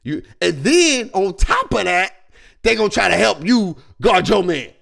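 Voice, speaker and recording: Man, streamer, high-pitched, very lively delivery, slangy laughing rant. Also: unhurried, vocal fry. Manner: animated, slangy, laughing as he rants.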